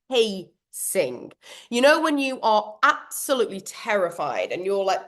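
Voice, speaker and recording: Woman, workshop trainer, casual self-deprecating delivery, frequent laughs, mid-range voice. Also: mid-range voice. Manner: chatty, self-mocking, laughs often. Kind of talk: online workshop talk.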